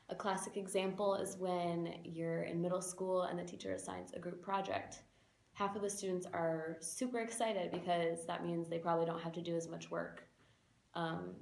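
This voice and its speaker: Young woman, casual lesson talk, gravelly voice, echoey room. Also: fairly low pitch, darkish tone, slight background noise. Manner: casual, with fillers and quoted inner voices. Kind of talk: informal explanatory lesson.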